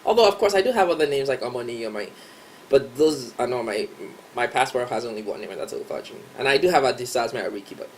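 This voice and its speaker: A young Nigerian man with a Nigerian accent, chatting casually in a vlog, relaxed and rambling with lots of ums. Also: medium pitch, racing, a little hiss or hum. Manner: relaxed and rambling, many ums and you-knows. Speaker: vlogger. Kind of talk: casual tag video chat.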